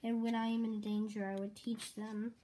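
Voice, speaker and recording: A woman's voice: fairly high pitch, flat delivery, normal speed, dark tone, natural voice. A woman voicing a solemn male ruler who created a hidden world, giving a long speech in her own everyday voice over a noisy home recording.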